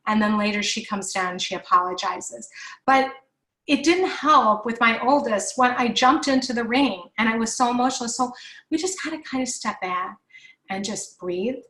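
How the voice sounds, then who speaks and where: A woman's voice: on the high side, moderate pace, sharp tone. A woman in her forties hosting a live parenting workshop, chatty and reassuring as she answers viewer questions with frequent fillers. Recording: echoey room.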